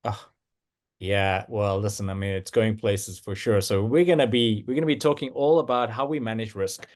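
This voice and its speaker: A man hosting a casual livestream chat, halting and full of fillers and restarts. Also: on the low side, fairly even intonation, darkish tone. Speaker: host.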